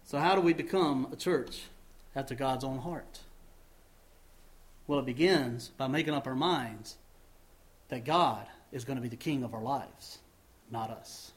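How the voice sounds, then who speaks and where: A man preaching a sermon to his church and leading a closing prayer, asking the congregation questions and pushing words up before letting phrase ends fall soft and low. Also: unhurried, pauses often. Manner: rising emphasis then dropping low at phrase ends; asks the congregation many questions. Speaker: pastor.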